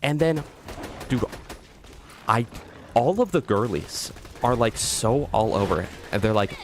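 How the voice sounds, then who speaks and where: A man livestreaming a video game, ranting to his chat in a lively, mocking way. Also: mid-range voice, measured pace, pauses often, slight background noise. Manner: ranting, animated, mocking impressions. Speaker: streamer. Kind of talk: live gameplay stream chat. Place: loud room.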